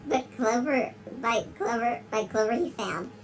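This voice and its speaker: An unhurried, natural-sounding voice of medium pitch plays a giggly big-lipped alligator on a rough recording. The performer reads a rhyming storybook dramatically, in a storytelling mood, breaking into giggles again and again.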